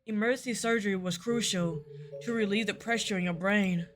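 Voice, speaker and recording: Gentle male doctor, read by a woman. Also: medium pitch, close to an everyday voice. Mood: calm reassuring. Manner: calm, reassuring, measured. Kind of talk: reading a visual novel aloud.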